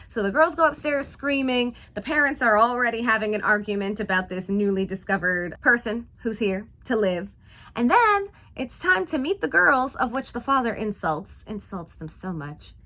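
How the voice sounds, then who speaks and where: Woman reviewer, sassy and animated, with a bright, fairly high voice that swings widely. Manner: sassy, animated, exclaims in disbelief. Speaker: film reviewer. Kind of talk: casual film recap and review.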